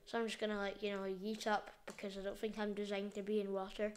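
A woman's voice: mid-range voice, fast, a little hiss or hum. A woman hosting a gameplay video, giving goofy, jokey commentary as she plays and calling out to her viewers. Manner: goofy, jokey, playfully excitable.

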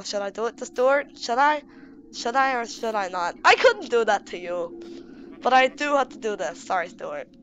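A woman giving playful gameplay commentary on a game mod, excitable and gushing, baby-talking to her in-game pets. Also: mid-range voice, a little hiss or hum. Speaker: YouTuber showing a game mod.

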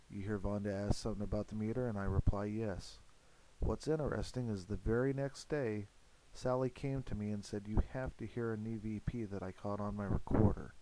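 A man narrating a paranormal investigation in an earnest, steady voice-over, with frequent fillers. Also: lowish voice, poor audio.

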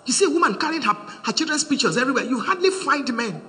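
A middle-aged woman preaching on marriage, animated and humorous, acting out the voices she quotes. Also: sits high, quick pace. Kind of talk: sermon to a congregation. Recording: reverberant hall with faint hum.

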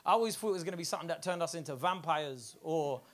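Young man, London accent, stand-up comedian, slangy, swears, laughs at own jokes, high voice. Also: fast, a bit bright. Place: comedy club stage.

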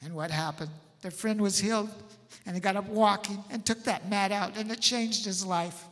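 A male pastor preaches a storytelling sermon in a folksy, animated manner, laughing often. His voice sits high. A long church-hall echo follows his words. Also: normal speed.

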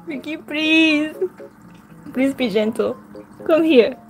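A woman's voice: high-pitched, expressive, slow pace, faint music behind. A woman vlogging with her pet, giggly, coaxing and pleading with it in casual talk. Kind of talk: casual pet vlog narration.

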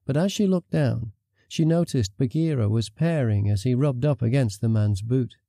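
This male narrator tells a fantasy tale from a script at a steady, even pace. The voice is mid-range, captured dry with clean studio sound.

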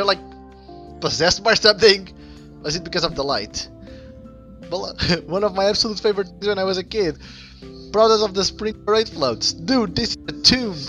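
A man commenting on a game he plays, excitable, laughing often and breaking into squeals and shouts. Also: on the high side. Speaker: let's play host. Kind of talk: casual gameplay commentary.

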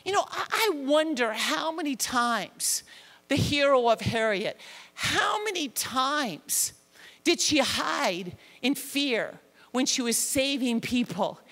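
Woman pastor, animated self-deprecating sermon, high voice, long church reverb. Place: church sanctuary with a congregation.

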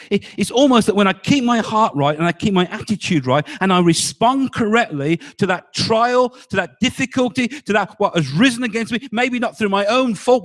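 Preaching with emphasis, this male pastor has a fairly bright tone. He frequently sinks low on important words and asks his congregation rhetorical questions.

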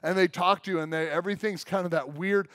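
A man preaching a sermon to his church in a casual, emphatic way, often saying "like" and swinging between loud and soft. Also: high voice, fairly even intonation, fast, no room sound, clean studio sound. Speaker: pastor. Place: church service room.

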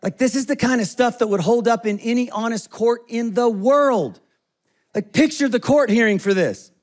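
A male pastor preaching a sermon in an energetic, conversational way. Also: extremely high pitch, moderate pace. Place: church auditorium.

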